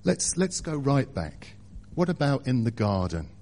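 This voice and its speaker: A man preaching a sermon, speaking deliberately and building to louder emphatic passages. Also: medium pitch, big pitch swings.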